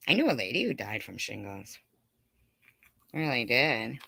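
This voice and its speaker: A woman's voice: extremely low pitch, sing-song, moderate pace, creaky, pauses often, sharp tone, slightly rough, no room sound. A middle-aged woman hosting a casual live stream, chatting with viewers in a rambling, giggly way full of fillers.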